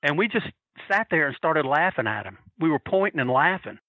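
A man telling a story in a casual, animated way, swearing freely and acting out the voices of the people he quotes. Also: a little high, a little fast, dry recording, narrow, tinny audio. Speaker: storyteller recalling wrestling fan days.

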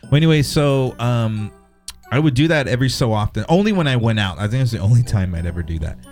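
A man from Texas co-hosting a podcast in casual chat, playful, laughing often and slipping into high mocking voices. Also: animated, fast talker, darkish tone, faint music behind. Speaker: podcast co-host.

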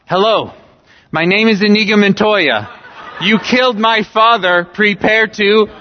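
Guy doing a vengeful movie swordsman, half laughing, high-ish voice, echoey dull hall sound. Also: lively intonation, a little slow, a little hiss or hum. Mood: mock dramatic. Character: vengeful swordsman quoted from an adventure film.

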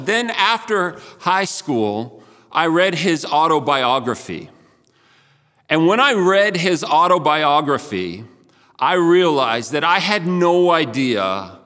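A man's voice: mid-range voice, a bit bright. A man preaching a sermon as pastor, earnest and conversational with frequent restarts. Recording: long hall reverb.

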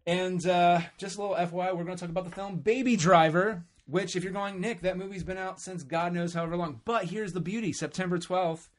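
Guy hosting a podcast, kinda high voice, goofy and rambly, cracks jokes at himself. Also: steady tone, a little fast, few pauses. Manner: jokey, rambling, self-mocking. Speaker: podcast host. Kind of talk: casual podcast chat.

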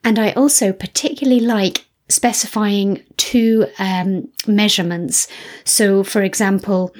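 Husky-voiced woman hosting a podcast. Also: medium pitch, fairly even intonation, measured pace, a little mellow. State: low energy. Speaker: podcast host. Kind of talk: solo podcast talk.

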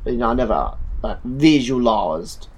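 Woman, very deep and breathy voice, deadpan improv comedy banter. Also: measured pace. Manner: playful, deadpan joking, trying out accents.

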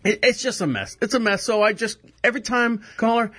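Man, high voice, casual podcast host, rambling and self-mocking, close studio mic. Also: fast talker, hardly any pauses, fairly bright tone. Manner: rambling, self-deprecating, laughs often. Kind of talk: casual live show monologue. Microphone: headphones with microphone close to face.

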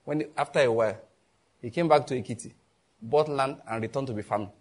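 A man with a Nigerian accent preaching a sermon as a pastor, telling stories and acting out the people in them. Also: fast. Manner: animated storytelling, voicing others in a raised pitch.

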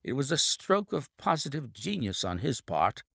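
A man reading an audiobook, voicing a brilliant male detective explaining a case in a measured, deliberate way. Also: mid-range voice, big pitch swings, vocal fry, fairly bright tone, breathy edge, no echo, studio quality, voice pushed up, heavily acted.

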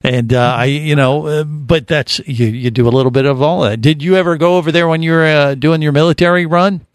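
A man's voice: on the high side, a little fast, clean tone, dry recording, clean studio sound. A man hosting a casual podcast chat, rambling with lots of fillers and restarts. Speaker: podcast host.

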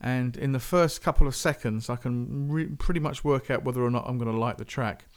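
A man's voice: medium pitch, fairly quick. A man hosting a music podcast, chatting casually and rambling. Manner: rambling, chatty, self-interrupting. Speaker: podcast host.

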